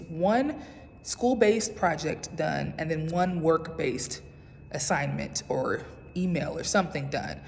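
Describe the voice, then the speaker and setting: A woman's voice: low-pitched, a little slow, creaky, darkish tone, slightly rough. A young woman in her twenties, a doctoral student vlogging in a casual, upbeat way to her phone camera while walking outdoors on campus. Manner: chatty and upbeat, talking to the camera. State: out of breath from walking. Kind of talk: casual vlog chat.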